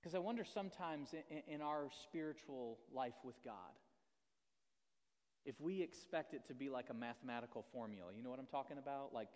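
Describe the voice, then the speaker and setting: A man's voice: mid-range voice, fairly quick, a little mellow. A man preaching a sermon in a conversational, self-deprecating way, often asking the audience questions. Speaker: pastor. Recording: long reverb of a large hall.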